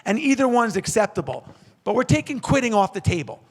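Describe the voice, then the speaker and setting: Man, motivational speaker, keynote storytelling, high pitch, energetic, repetitive buildup. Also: a little fast.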